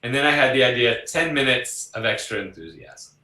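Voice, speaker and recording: He's a psychologist guest with a mid-range voice who talks fairly quickly, recorded roughly in an echoey room. His personal stories come out animated and conversational, with quoted voices acted out and laughter along the way.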